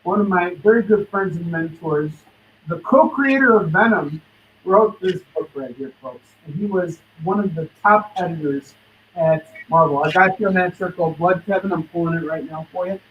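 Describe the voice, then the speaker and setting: On a distant, dull, lo-fi stream, a man whose voice sits high hosts a live comic book sale at a moderate pace. He moves through titles and prices in hustling sales patter, with a little hiss or hum in the background.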